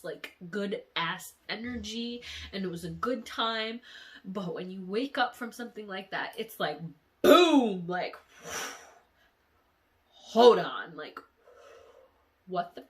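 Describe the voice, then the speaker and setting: A woman's voice: mid-range voice, a bit bright. A woman vlogger talking casually to her viewers, teary and emotional, sighing often and speaking candidly with some swearing. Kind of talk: casual dream-diary vlog.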